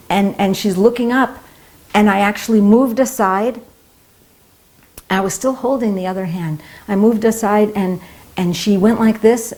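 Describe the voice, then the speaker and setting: A woman's voice: mid-range voice, a little mellow. A woman speaker at a temple talk, telling a personal story in an earnest way and acting out the voices she quotes. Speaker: devotee speaker.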